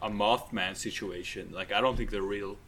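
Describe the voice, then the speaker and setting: A man's voice: on the low side, fairly even intonation, moderate pace, a bit bright, slightly rough. A man co-hosting a casual podcast, playful, stammering and breaking into theatrical exclamations. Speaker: podcast co-host. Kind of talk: casual chat.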